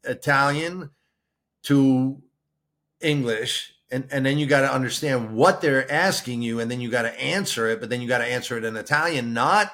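A man of ordinary pitch talks casually as a podcast co-host. He explains things at length and often repeats words while finding his way. His tone stays relaxed and conversational. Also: moderate pace. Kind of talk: casual chat.

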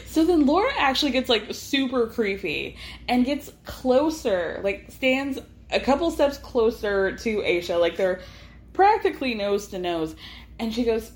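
A woman's voice: a little high, big pitch swings, a little slow. A woman hosting a podcast, recapping a reality show in a chatty, laughing way full of "like" fillers. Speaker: podcast host. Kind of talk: casual recap chat. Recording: roomy echo.

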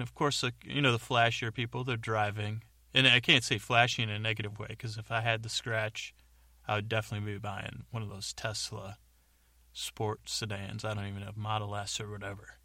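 Gravelly man telling a rambling comic story. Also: lowish voice, bright, forceful tone, no echo. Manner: rambling, tangent-prone. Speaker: podcast host and storyteller.

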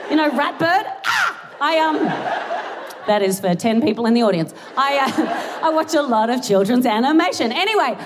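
A young Australian woman performs stand-up on a big theatre stage, her voice high and bright as she giggles through her set. She is excitable and self-deprecating. A large audience laughs and cheers around her, with steady noise in the live recording. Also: moderate pace, crowd noise. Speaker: stand-up comedian.

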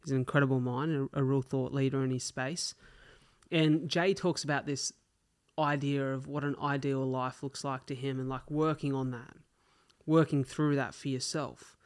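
A man's voice: medium pitch, fairly even intonation, moderate pace. An Australian man hosting a solo podcast, telling stories in a chatty, slangy way and swearing casually. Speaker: podcast host.

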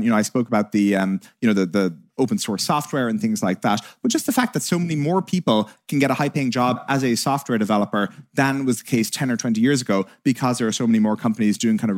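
A man, a tech company co-founder, answering interview questions in a fluent, conversational way with frequent "you know" fillers. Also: medium pitch.

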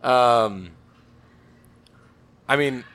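A man's voice: mid-range voice, drawn-out words, a bit bright. A man hosting a casual chat in a laid-back, joking way.

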